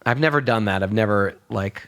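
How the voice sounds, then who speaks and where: Animated New storyteller man. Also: lowish voice, a little fast. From New York. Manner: animated storyteller who acts out voices. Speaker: podcast guest. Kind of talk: storytelling in conversation.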